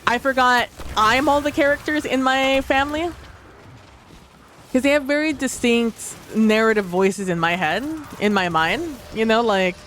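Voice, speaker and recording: Tabletop role-play player, casual livestream chat, rambling, filler-heavy, laughs a lot, medium pitch, faint background noise. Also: unhurried, a bit bright.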